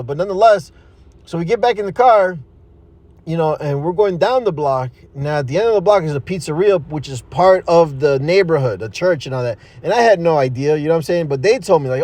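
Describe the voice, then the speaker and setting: Animated high-voiced man telling his testimony. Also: fairly quick, no echo. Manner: animated, profane street talk with frequent fillers; laughs at his own story. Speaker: speaker giving a testimony. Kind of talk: casual storytelling testimony.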